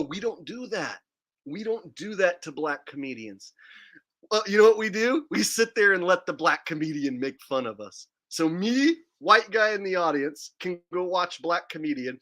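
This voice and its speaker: A man's voice: high voice, lively intonation, normal speed, pushed and bright. A man ranting in a profane, mocking monologue to his viewers. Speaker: video blogger.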